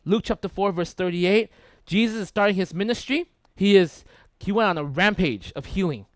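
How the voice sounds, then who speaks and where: A male pastor preaches in a loose, conversational sermon style, repeating phrases and checking in with his listeners. His voice sits high for a man. The sound is close and dry, with little room in it. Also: normal speed, dry recording. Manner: conversational, checks in with "right?" and "okay?"; repeats words for emphasis.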